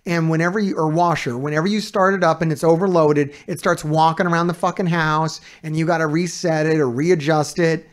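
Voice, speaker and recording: A man's voice: a little high, steady tone, a little fast, hardly any pauses. Foul-mouthed exasperated man ranting. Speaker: streamer reacting to a video. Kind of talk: casual reaction commentary.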